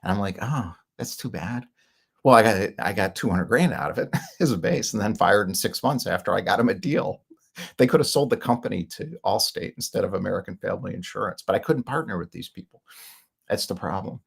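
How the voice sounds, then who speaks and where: Middle-aged guy rambling through his founder story, gravelly and a bit husky, lowish voice. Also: lively intonation, quick pace. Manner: rambling and candid, with filler words and short laughs. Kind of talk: casual monologue.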